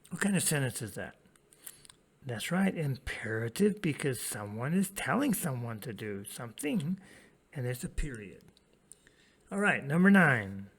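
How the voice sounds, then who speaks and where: A man teaching an English grammar lesson to children, prompting his pupils to repeat lines and pausing for their answers. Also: fairly high pitch, husky. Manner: lively, sing-song classroom delivery.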